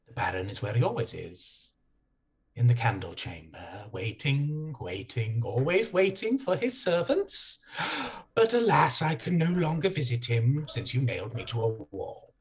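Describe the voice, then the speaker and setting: A man voicing a mocking male jester in a tabletop game, with shrill cackling laughs and sing-song taunts. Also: sing-song, unhurried, breathy edge, full character voice. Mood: mocking giggly. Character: giggling, mocking male jester nailed to a wall.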